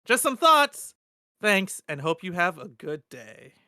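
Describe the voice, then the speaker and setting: Bright, high-voiced man reading mail. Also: slow, no echo, clean studio sound. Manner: animated, emphatic reading. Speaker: podcast co-host. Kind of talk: reading a listener letter aloud.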